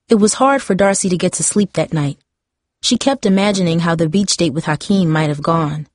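Woman narrator, audiobook, calm, measured, lowish voice, dry close recording. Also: dry recording. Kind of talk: scripted novel narration.

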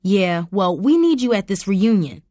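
A loud, indignant middle-aged mother scolding her daughter, her pitch climbing high as she fumes, put on by a woman reading a story. The sound is close and dry. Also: sing-song, moderate pace, dry recording.

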